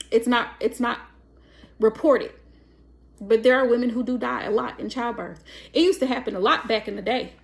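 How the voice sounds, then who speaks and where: A woman giving a casual spoken tarot reading, talking emphatically and acting out bits of dialogue. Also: fairly high pitch. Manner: emphatic, acts out quoted dialogue. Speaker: tarot reader.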